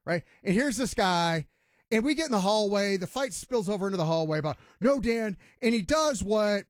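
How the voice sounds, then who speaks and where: A man's voice: high voice, animated, a little fast, no room sound, clean studio sound. A man hosting a sports talk radio show, ranting emphatically and mocking others in voiced quotes.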